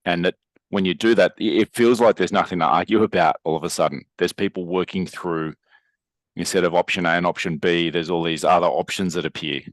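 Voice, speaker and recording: Deep voiced dude explaining stuff thoughtfully, dry close mic. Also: male voice, fairly even intonation, a little fast, no room sound. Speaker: podcast co-host. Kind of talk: casual conversation.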